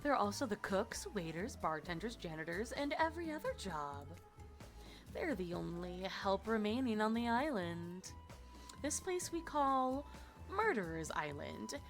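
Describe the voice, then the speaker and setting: A woman voicing a smooth, evasive male resort narrator in a game, dropping her voice lower and quieter, with dry asides. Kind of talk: reading game narration aloud.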